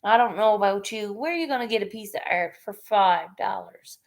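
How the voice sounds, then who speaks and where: A woman's voice: medium pitch, fairly quick, gravelly. A woman chatting casually with viewers on her live stream, laid-back and chatty. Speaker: live stream host and artist.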